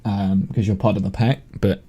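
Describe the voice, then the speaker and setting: A man playing in a tabletop game, chatting casually in a lively way. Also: fairly low pitch, moderate pace, husky. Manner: lively, chatty, laughs easily. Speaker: player.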